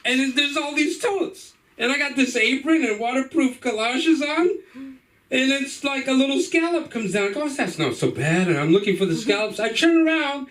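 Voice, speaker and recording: On a comedy club stage at an open mic, a man in his fifties from the Cape Verde Islands tells a rambling, animated stand-up story, acting out the voices of its characters. His voice is very high-pitched at a normal speed, captured with a distant mic and poor audio.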